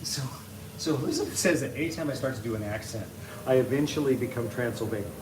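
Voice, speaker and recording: A man hosting a casual cooking livestream from his home kitchen, joking and riffing quickly. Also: mid-range voice. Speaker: cooking show host. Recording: echoey kitchen with background noise.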